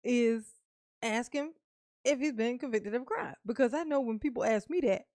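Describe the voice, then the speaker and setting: A woman doing a mocking impression of an excited, scheming male defendant. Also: a little high, moderate pace, dry recording, clean studio sound, lightly acted. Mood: gleeful.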